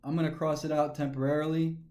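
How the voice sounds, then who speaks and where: A man's voice: a little high, little pitch movement, quick pace, darkish tone. A man teaching a grammar lesson, methodically talking through each step aloud. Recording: echoey room.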